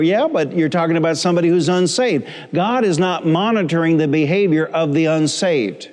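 In a church sanctuary with long hall reverb, a middle-aged pastor preaches a sermon in a fairly high, darkish voice, fairly fast and with few pauses. He uses humor and repetition and calls on the congregation to answer back.

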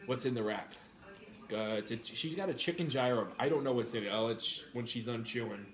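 A man's voice: mid-range voice, brisk. Chatty man reading live comments. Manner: reads viewer comments aloud, chatty and blunt. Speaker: livestream host. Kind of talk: casual live chat eating on camera.

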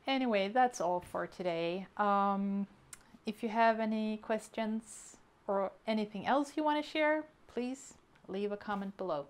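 A woman hosting a casual unboxing vlog, chatty and excitable, counting items aloud as she goes. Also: medium pitch, measured pace, clear, resonant tone. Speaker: hobby vlogger.

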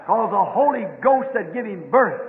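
A man preaches a fervent revival sermon in rhythmic waves that break into shouts. His voice sits very high for a man. The tinny, phone-like old tape carries a long echo through a large meeting hall. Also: expressive, normal speed, a little hiss or hum.

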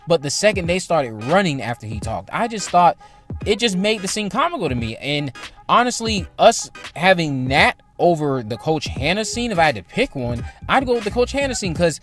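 A man's voice: a little high, fairly bright tone. A man talking casually as a movie commentary host, opinionated and rambling, circling back to repeat his points.

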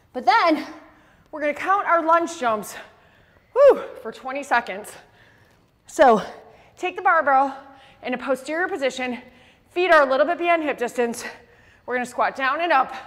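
A woman fitness instructor leading a workout class, out of breath and slightly hoarse, counting reps aloud between heavy exhales. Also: sits high, lively intonation, normal speed, long pauses, fairly bright tone. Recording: long reverb in a big room.

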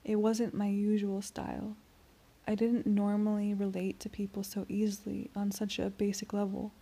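Soft-spoken gravelly woman narrator. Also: medium pitch, moderate pace. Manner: soft and even, dropping to near-whispers. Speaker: audiobook reader. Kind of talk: amateur first-person audiobook narration.

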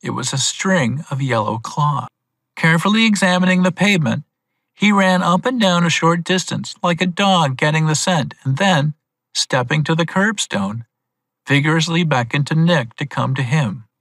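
Male audiobook narrator: steady, clear, a touch high, dry booth sound. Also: moderate pace, no echo. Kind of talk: scripted narration for English learners.

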